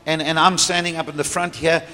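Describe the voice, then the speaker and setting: Preaching in a big, reverberant church hall with slight room noise, a middle-aged man tells a testimony story and laughs as he goes. He speaks briskly with a fairly high, sharp voice and a flat delivery.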